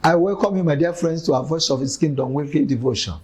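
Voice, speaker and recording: A man leading a weekly devotion, preaching in a measured, emphatic way and reading scripture aloud. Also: fairly high pitch, a little mellow, poor audio.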